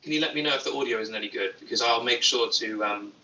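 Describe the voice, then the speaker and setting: A man's voice: medium pitch, fast talker, sharp tone, roomy sound, far from the mic, muffled recording, a little hiss or hum. A young British man hosting a casual livestream, reading chat aloud with dry, self-mocking humor. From Britain. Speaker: YouTube host. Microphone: phone.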